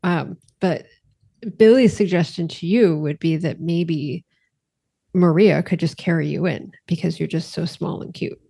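A man's voice: fairly high pitch, unhurried, gravelly, dark tone, slightly rough, dry recording. A man playing a tabletop game, hesitant and full of fillers. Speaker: player.

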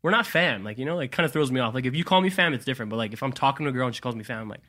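A man's voice: mid-range voice, expressive, very fast, bright, forceful tone. A young man co-hosting a podcast, chatting casually and joking in a playful, boastful way. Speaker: podcast co-host. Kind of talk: casual chat.

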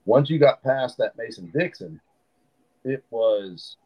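A man's voice: medium pitch, slow, breathy edge, muffled recording. A man hosting a podcast, explaining history at length in a casual studio chat. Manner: explains at length, lively storyteller. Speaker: podcast host.

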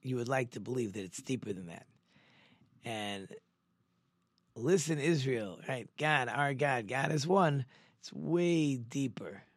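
A man who is a rabbi, teaching Torah in a chatty, storytelling way and often checking in with listeners with "right?". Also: no room sound. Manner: drops into quieter, lower asides. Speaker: rabbi hosting a Torah talk show.

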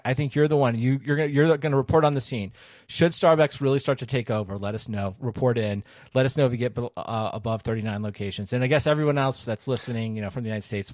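A man hosting a podcast in casual chat, animated and joking, reading quotes from an article aloud. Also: medium pitch, no echo, studio quality. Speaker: podcast host.

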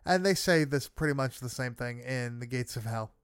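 A man's voice: medium pitch, normal speed, clean tone, no echo, clean studio sound. A man casually recapping a horror film with friends, swearing often and leaning on fillers. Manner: loose, swearing, many fillers.

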